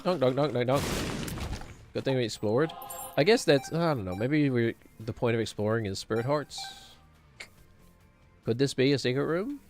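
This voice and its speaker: A man's voice: mid-range voice, animated, normal speed, darkish tone, soft background music. A man streaming a game, rambling casually and chuckling at his own jokes. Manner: rambling, chuckling, self-mocking. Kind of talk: casual gaming commentary.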